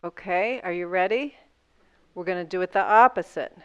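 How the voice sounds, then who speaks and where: A woman's voice: on the low side, moderate pace, smooth, lo-fi sound. A woman instructor guiding a seated yoga class, talking through each movement step by step in an encouraging way.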